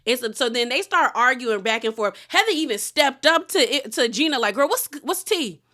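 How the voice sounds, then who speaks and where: A woman's voice: high voice, normal speed. A woman casually recapping a reality show episode, retelling scenes with slangy asides and quoted lines. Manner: animated retelling, quoting cast members with slangy asides.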